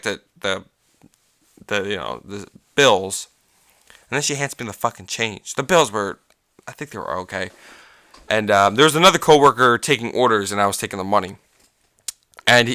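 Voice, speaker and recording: A man's voice: mid-range voice, bright, forceful tone, no echo, studio quality. A man chatting casually on his own podcast, rambling through stories with lots of swearing and filler words. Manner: rambling, swears a lot, frequent fillers and laughs. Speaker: podcast host. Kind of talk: casual solo podcast chat.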